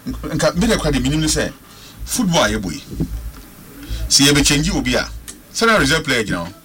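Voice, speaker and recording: A man's voice: fairly high pitch, very animated, fairly quick, bright, forceful tone. A man with a Ghanaian accent calling in to a radio talk show, speaking with passion and repeating words for stress. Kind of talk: passionate radio call-in commentary.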